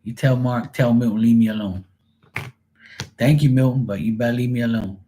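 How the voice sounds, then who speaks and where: A man's voice: medium pitch, steady tone, fairly quick, dark tone, slight background noise, lightly acted. A man putting on a sassy young woman. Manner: sassy, scolding.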